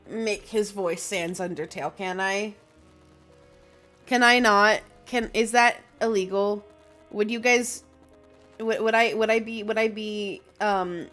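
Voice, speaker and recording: A woman's voice: medium pitch, fairly bright tone. A woman streamer chatting casually while playing a game, nervous and self-deprecating, swearing and restarting her sentences. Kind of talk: casual let's-play chatter.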